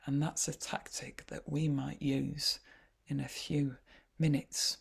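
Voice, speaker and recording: A woman with a Yorkshire accent leading an online poetry workshop over a video call, chatty and wry, often pausing with "uh". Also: low-pitched, flat delivery, vocal fry, slightly rough. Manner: chatty, wry, frequent hesitations.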